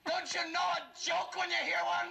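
An actor playing a panicked young doctor locked in with a monster, who shouts frantically. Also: male voice, very high-pitched, completely flat delivery, normal speed, gravelly, over loud music, exaggerated voice. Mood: frantic. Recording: film audio played under loud noise.

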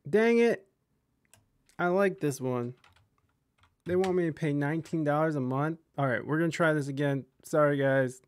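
A man's voice: a little high, normal speed, pauses often, no echo. Flustered joking podcast host man. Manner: joking, flustered, self-deprecating. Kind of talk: casual chat.

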